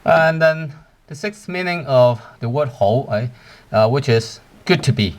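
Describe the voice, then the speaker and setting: A man teaching words in English, explaining step by step, slowing down on each word and asking "right?" to check the listener is following. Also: mid-range voice, expressive. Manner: slows to spell out Cantonese words. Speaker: Cantonese teacher. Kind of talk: language lesson.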